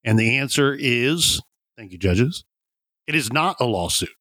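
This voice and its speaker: A man's voice: mid-range voice, expressive, measured pace, sharp tone, dry recording. A man hosting a podcast game show, reading out case summaries and often breaking into laughter.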